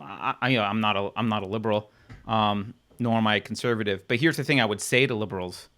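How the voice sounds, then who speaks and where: A man's voice: lowish voice, steady tone, fast talker, fairly bright tone. A man co-hosting a political talk show, speaking in a blunt, emphatic way with filler ums. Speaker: co-host.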